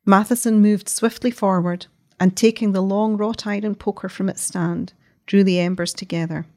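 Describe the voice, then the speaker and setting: A woman narrating a story as an audiobook in a measured, expressive way. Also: mid-range voice.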